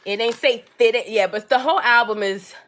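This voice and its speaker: A woman's voice: a little high, fairly quick, fairly bright tone. A young adult woman in hosting a casual livestream, talking loosely and rambling with frequent laughs. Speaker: livestream host.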